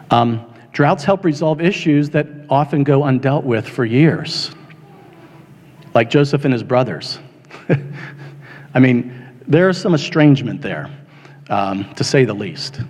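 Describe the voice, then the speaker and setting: A male pastor giving a sermon in a conversational, halting way with many fillers, rising now and then to an impassioned retelling. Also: medium pitch, darkish tone. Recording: long reverb of a large hall.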